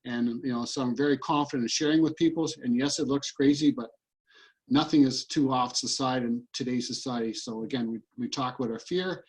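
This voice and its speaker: Man, earnest coach, guided tapping demo, video call, mid-pitched voice. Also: fairly even intonation, fairly quick, poor audio. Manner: earnest, repeats short fearful statements while tapping. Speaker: EFT practitioner and coach.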